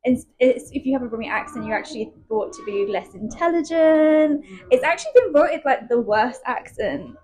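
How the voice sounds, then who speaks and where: A woman's voice: high voice, normal speed, few pauses. A young woman from Birmingham, a PhD student chatting freely as an interview guest in a café, laughing often. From Birmingham, England. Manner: giggly, animated, talks freely. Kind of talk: casual chat.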